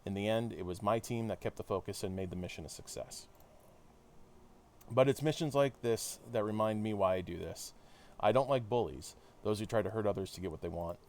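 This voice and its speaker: A man's voice: fairly low pitch, a little fast, a little mellow, a little hiss or hum, close to an everyday voice. A man reading as a steadfast soldier hero. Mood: earnest. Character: steadfast male soldier hero recounting a mission.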